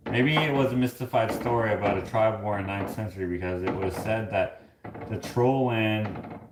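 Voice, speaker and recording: In a kitchen with echoey acoustics, a male livestream host reads chat and tells meandering stories packed with fillers. His voice is fairly low, and background noise can be heard.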